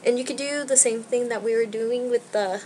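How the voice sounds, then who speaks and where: A young woman with a slightly high, dark-toned voice talks at normal speed while doing a casual hair tutorial at home. The beauty vlogger is slightly out of breath, rambling, self-deprecating, and chatty, with "like" everywhere. The rough recording has a bit of hiss or hum.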